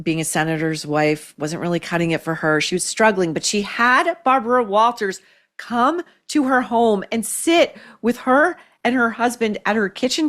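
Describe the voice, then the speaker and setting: Female commentary host, lower voice, blunt and sarcastic, swears freely. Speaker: podcast host. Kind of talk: opinionated commentary.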